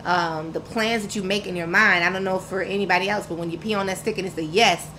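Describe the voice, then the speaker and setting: Frank New woman, bright voice. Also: fairly low pitch, fairly even intonation, quick pace, slight background noise, low-quality recording. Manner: frank and emphatic, slangy, vivid retelling with quoted dialogue. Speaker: podcast guest. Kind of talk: candid personal storytelling.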